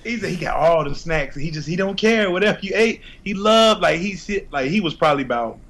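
Laid-back joking man, slightly high voice. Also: expressive, brisk, fairly bright tone. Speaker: podcast co-host. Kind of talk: casual uncensored chat.

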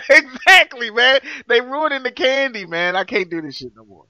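A man's voice: very high voice, normal speed, a crowd in the background. A man from Missouri, a podcast co-host, telling profane stories in a casual chat. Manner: animated profane storytelling.

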